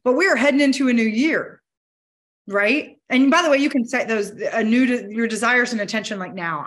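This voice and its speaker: A woman giving a motivational talk to a business networking group, energetic and candid, with casual swearing. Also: on the high side. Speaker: motivational speaker. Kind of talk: conversational keynote talk.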